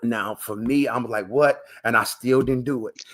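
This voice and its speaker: A man's voice: mid-range voice, fairly even intonation, a bit bright. Emphatic man with repeated stammering starts. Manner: halting, with many repeated words and fillers; emphatic and preacher-like, calling the listener "man". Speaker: guest, transplant recipient and coach. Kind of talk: emotional conversational interview. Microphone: live video call broadcast.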